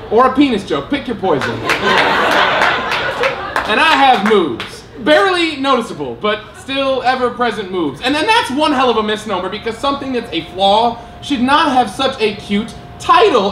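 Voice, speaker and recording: A man performing spoken word poetry on stage and telling stories between pieces, emphatic and self-mocking, quick to laugh. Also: sits high, very animated, fairly bright tone, far from the mic, slight background noise. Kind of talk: live slam poetry and stage storytelling. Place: theater stage with audience. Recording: roomy live venue sound.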